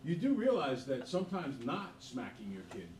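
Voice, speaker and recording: Animated male teacher in an echoey classroom. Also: mid-range voice, moderate pace. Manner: joking, animated storyteller. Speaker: math teacher. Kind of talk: classroom lecture with storytelling. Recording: echoey room from far off, background noise.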